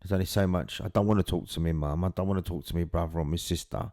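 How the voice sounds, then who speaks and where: A middle-aged man speaks in a very low, dark and mellow voice, recorded close and dry. He tells his own story candidly and earnestly, with casual swearing. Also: fairly even intonation, fast talker, dry recording. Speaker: father telling his story.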